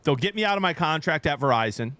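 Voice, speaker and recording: A man in his thirties with a fairly high voice chats casually with his livestream audience. He tells a rambling story and breaks off now and then to greet viewers. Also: expressive, fast, fairly bright tone, a little hiss or hum. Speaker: streamer.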